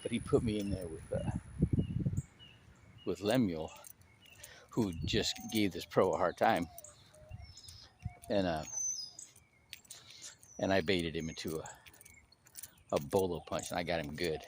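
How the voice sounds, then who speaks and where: A man talking casually on his own channel, an animated storyteller who restarts his sentences often and stresses his points. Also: deep voice, measured pace, long pauses, slight background noise.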